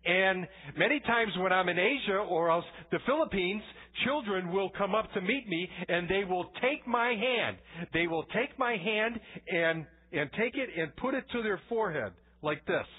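A man's voice: high-pitched, expressive, measured pace, breathy edge. A man pastor giving a conversational sermon with personal stories, often restarting his words. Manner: conversational preaching with anecdotes and frequent restarts. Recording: tinny phone-like church recording.

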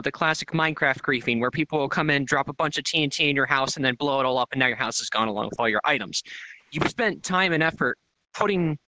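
A man's voice: fairly high pitch, bright, forceful tone, no echo, low-quality recording. A man in a casual panel discussion, explaining ideas with everyday examples. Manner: explanatory, defines terms with examples.

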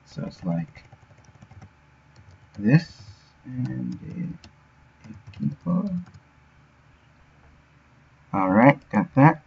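A man's voice: medium pitch, very animated, drawn-out words, creaky, long pauses, a little mellow, husky. A man streaming his game development work, thinking aloud and sounding out words as he goes. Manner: muttering to himself, sounding out words. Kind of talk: thinking aloud while working. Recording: dull lo-fi audio.

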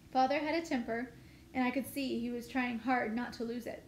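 A woman teacher reading a novel aloud with steady, expressive storytelling. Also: fairly high pitch, brisk. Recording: echoey room, faint noise.

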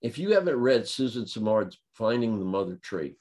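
Guy giving a talk, deep low voice, deadpan funny story. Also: normal speed. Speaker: guest speaker. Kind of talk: humorous anecdote at a talk.

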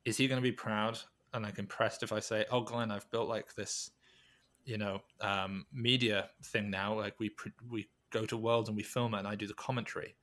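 Low-voiced man musing in an interview. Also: steady tone, fairly bright tone. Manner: thoughtful, halting, many restarts and fillers. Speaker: podcast guest, weightlifting coach. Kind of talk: reflective conversational interview.

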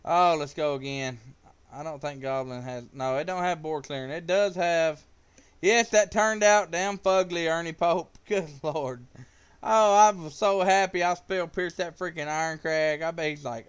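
A man with kids casually commentating his live-streamed card game, talking to chat with excitable, profane trash talk. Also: a little high, moderate pace, clean tone. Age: adult with kids.

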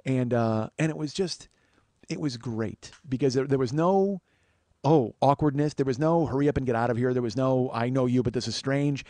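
A man with a mellow voice tells a personal story at a moderate pace on his solo podcast, captured in a dry recording. Earnest and confessional, he curses a lot and does other people's lines in a higher pitch.

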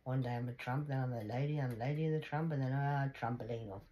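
A woman with a notably low voice talks in a loose, rambling monologue. She jumps between stories, drops jokey asides and swears freely, in a chatty, unpolished way. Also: fast talker, dark tone, a little hiss or hum. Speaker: vlogger.

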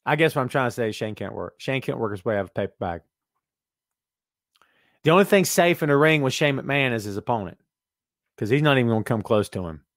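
A man's voice: medium pitch, expressive, fast, pauses often, a bit bright, dry recording, clean studio sound. A man hosting a live-streamed wrestling podcast in casual, sarcastic chat, reading viewer comments aloud and mumbling to himself while he adjusts settings.

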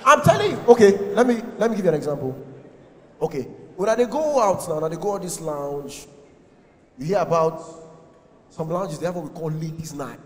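A man's voice: fairly high pitch, moderate pace. A young man with a Nigerian accent performing a stand-up comedy set, telling stories animatedly and slipping into pidgin while acting out the people in them. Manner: animated storytelling mixing pidgin, acting out voices. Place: large comedy venue with live audience. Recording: echoey hall.

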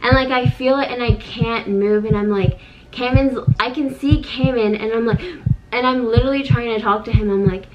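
A woman's voice: on the high side, moderate pace, highs cut off, background noise. A young woman casually telling a vivid story to camera, with lots of fillers, as co-host of a couple's channel. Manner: animated, many fillers, dramatic retelling.

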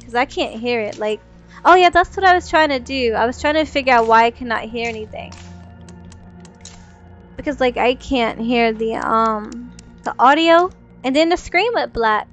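High-voiced chatty woman streamer, swearing. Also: normal speed, fairly bright tone, faint music behind. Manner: chatty, swears freely, thinks aloud. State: losing her voice. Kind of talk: casual gaming stream chat. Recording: dull, lo-fi stream audio.

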